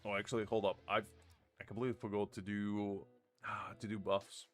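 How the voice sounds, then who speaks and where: A man's voice: fairly low pitch, level tone, a little fast, soft background music. A man streaming a video game, bantering in a playful, mock-exasperated way. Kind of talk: casual live-stream banter.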